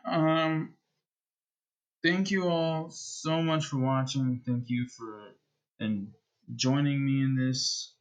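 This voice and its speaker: Slow, rambling male streamer. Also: medium pitch. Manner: rambling and hesitant, with many restarts. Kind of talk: casual chat wrapping up a live stream.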